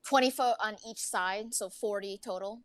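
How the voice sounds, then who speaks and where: Young woman, tabletop player, casual, giggly, medium pitch. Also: moderate pace, no echo. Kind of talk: casual tabletop game play.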